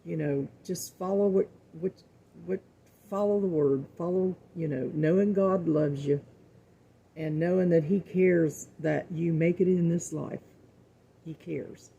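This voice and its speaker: A woman's voice: on the low side, unhurried, creaky, warm tone, slightly rough, dull audio. A middle-aged woman hosting a home cooking show, talking earnestly and folksily to her viewers about faith and repeating words for emphasis. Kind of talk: casual faith-filled talk to viewers.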